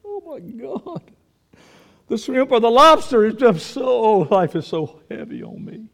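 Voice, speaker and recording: A man's voice: very high-pitched, huge pitch swings, measured pace, vocal fry, fairly bright tone, full character voice. A man preaching, putting on the voice of a spoiled grown man whining over luxuries with mock anguish. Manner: whiny, mock-anguished complaining.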